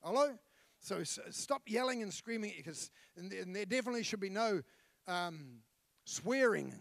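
A man's voice: high voice, vocal fry, no room sound. A middle-aged man, preaching a blunt, colloquial sermon with asides to the congregation. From New Zealand. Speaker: pastor. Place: church.

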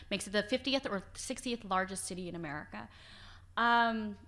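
A woman author giving an informal lecture with slides, chatty and animated, laughing often and restarting her sentences. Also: medium pitch. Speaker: author giving a book talk. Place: library event hall.

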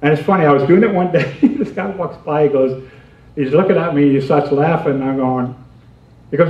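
A man giving a humorous seminar talk, animated and chatty, laughing often and acting out little scenes. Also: a little high, a little fast. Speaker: comedy seminar speaker. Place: seminar room. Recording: roomy, muffled, distant hall recording.

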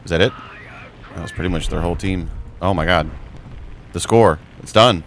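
A young man talks over his own gameplay, mostly in a lowish, muttered play-by-play. He breaks into high, jokey yelps whenever the fight turns bad. A faint hum of game engines sits under his voice. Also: normal speed. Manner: excitable, jokey, yelps high when in trouble. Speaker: gaming streamer. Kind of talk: gameplay commentary.

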